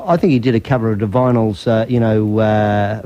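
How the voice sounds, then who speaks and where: A man's voice: lowish voice, steady tone, brisk, dark tone, highs cut off. An Australian man co-hosting a radio comedy show, rambling on in a mock-authoritative way with plenty of fillers. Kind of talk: improvised comic banter.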